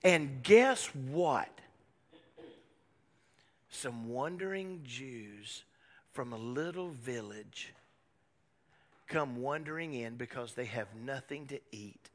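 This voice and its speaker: Dramatic preacher with a long hall echo. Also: male voice, mid-range voice, animated, takes it slowly, long pauses. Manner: storytelling, dramatic swings from loud to hushed whisper. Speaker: pastor. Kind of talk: sermon.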